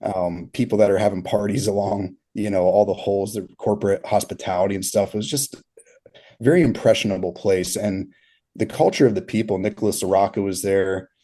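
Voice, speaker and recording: Man, thirties, low voice, warm and mellow, rambling anecdotes, lots of fillers. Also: fairly even intonation, brisk. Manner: rambling, filler-heavy storytelling with frequent laughs. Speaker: turf industry consultant, guest. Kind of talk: casual interview storytelling.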